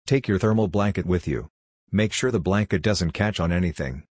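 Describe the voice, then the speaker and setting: A man voicing a calm android woman. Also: low-pitched, normal speed, breathy edge, no room sound, studio quality. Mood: instructive. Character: calm female android rescuer, matter-of-fact.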